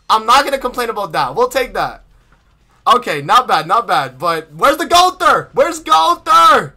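A man's voice: high-pitched, sharp tone. A young man streaming a mobile game, reacting to his summons in casual, exasperated commentary full of slang and laughter. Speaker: gaming streamer. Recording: faint game music behind. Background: game music.

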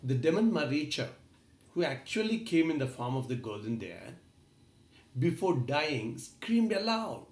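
A man's voice: on the high side, very animated, unhurried, a little mellow, reverberant. A man giving an earnest motivational talk, retelling an old epic and addressing the listener directly. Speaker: motivational speaker. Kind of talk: storytelling talk.

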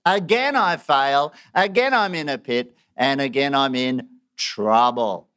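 A man's voice: mid-range voice, slow pace, smooth. A man preaching a sermon, joking at his own expense and laughing often. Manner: self-mocking, animated, laughs often.

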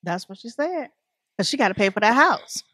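A woman's voice: on the high side, very animated, a little fast, fairly bright tone, husky, no room sound, studio quality. A woman co-hosting a casual review chat, blunt and sassy in her talk. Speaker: co-host of a reality TV review show.

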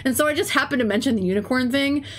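A woman's voice: high voice, very fast. A young woman talking casually on her stream, telling stories in a chatty way full of "like" and swearing, with a stuffy runny nose. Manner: chatty storytelling with frequent "like" and swearing. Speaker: teacher and game streamer. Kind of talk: casual chat while streaming.

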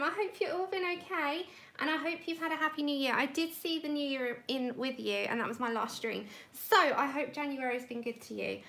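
A woman's voice: high voice, a little fast, vocal fry, a bit bright. A woman hosting a live colouring stream, chatting casually and rambling as she greets viewers by name. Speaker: livestream host.

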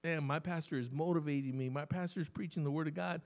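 Brief: male pastor at a church service, slightly higher voice, chatty storytelling sermon with slow emphatic stresses. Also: darkish tone.

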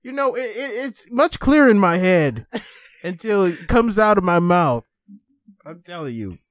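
Man co-host, slow and self-mocking, lively higher voice, dry sound. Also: no room sound. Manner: stumbles over words, self-mocking. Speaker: co-host reading fan fiction aloud. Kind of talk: comedic read-aloud with banter.

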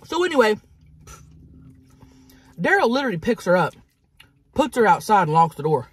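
A woman vlogger telling a crude story in a fast, animated way while eating. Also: medium pitch, slightly rough.

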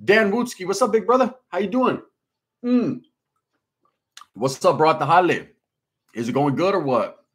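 A man's voice: high voice, normal speed, pauses often, husky. A man hosting a casual livestream, reading out viewer comments in a slangy, laid-back way. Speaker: livestream host.

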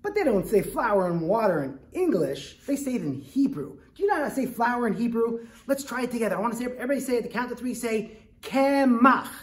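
A woman's voice: on the high side, sing-song, quick pace, a little mellow. A woman presenting a hands-on lesson to a group of children, upbeat and coaxing as she leads them in call-and-response. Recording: echoey room, faint background noise.

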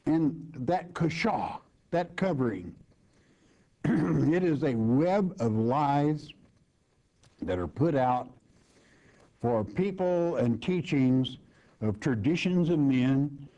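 A man preaching a verse-by-verse Bible sermon, slow and emphatic, with sudden jumps in pitch. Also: expressive, mellow. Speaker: pastor teaching Bible study. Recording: dull lo-fi broadcast recording.

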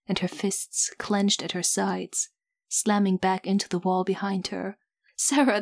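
A woman reading fan fiction aloud as an audiobook, steady and measured. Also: on the low side. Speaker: audiobook reader.

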